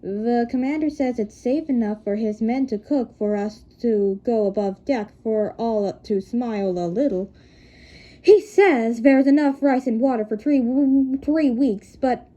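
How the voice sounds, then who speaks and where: A woman reads a novel aloud in a high, mellow voice, stumbling over words and correcting herself. She breaks off for chatty asides to her listeners. The recording sounds dull and lo-fi. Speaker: reader.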